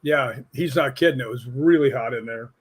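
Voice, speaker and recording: A man's voice: medium pitch, moderate pace, slightly rough. A man, a guest on an interview show, telling casual anecdotes and acting out the people in them. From United States. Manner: animated storyteller who acts out quoted people. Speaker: guest, stunt coordinator and paranormal investigator.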